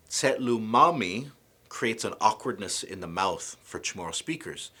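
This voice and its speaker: A man giving a scripted language lesson, pronouncing example words slowly and carefully. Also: on the low side, fairly bright tone, husky. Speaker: language teacher.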